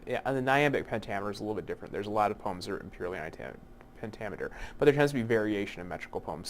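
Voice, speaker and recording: A man teaching poetic meter in an unscripted lecture, with many fillers and restarts, slowing down to spell out terms. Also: fairly low pitch, slight background noise. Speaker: literature instructor. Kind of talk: recorded lecture.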